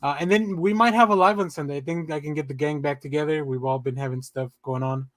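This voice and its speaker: A man's voice: fairly high pitch, fairly even intonation, fast talker, a bit bright, no echo. Upbeat man with a dry sound. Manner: upbeat, promoting his podcast. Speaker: guest. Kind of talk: casual chat.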